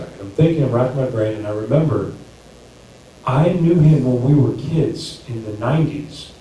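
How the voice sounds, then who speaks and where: A man performing a stand-up set, telling a story and acting out his own excited reactions. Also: medium pitch, normal speed, slight background noise. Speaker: stand-up comic. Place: comedy theater stage. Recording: echoey theater, mic at distance.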